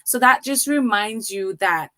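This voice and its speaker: A woman's voice: mid-range voice, expressive, a little slow, a bit bright. A woman in her thirties from Canada, a guest telling her story in casual interview chat and acting out the dialogue she quotes.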